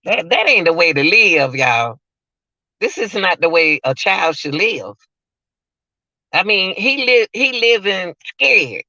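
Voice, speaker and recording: A man's voice: high-pitched, very animated, slow pace, sharp tone, no echo, dull audio. A man giving emotional, repetitive livestream commentary, talking straight to his viewers.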